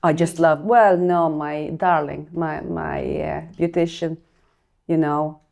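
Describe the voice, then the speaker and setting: A woman's voice: deep voice, flat delivery, slow, vocal fry, darkish tone. A middle-aged woman co-hosting a casual chat, telling gossipy, blunt stories. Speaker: co-host.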